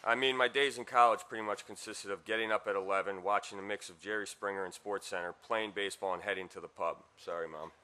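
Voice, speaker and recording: A man speaks at a memorial service, delivering a heartfelt eulogy for his father. His voice is bright and forceful and sits fairly low, and he slips in wry, self-mocking asides. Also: steady tone, quick pace, hardly any pauses. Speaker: son giving a eulogy.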